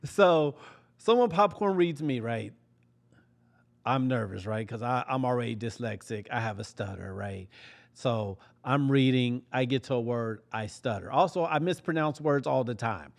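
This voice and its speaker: A man hosting a podcast, telling a comedic story with lively acted-out quotes and frequent laughs. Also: medium pitch, moderate pace, creaky. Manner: animated, laughs often, acts out quotes. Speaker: podcast host.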